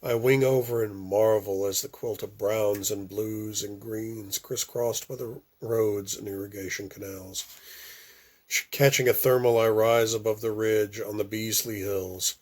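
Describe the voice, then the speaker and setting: A man reading a first-person novel aloud, with occasional stumbles and restarts and phrases that drop off softly. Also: on the low side, steady tone, unhurried. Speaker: audiobook reader.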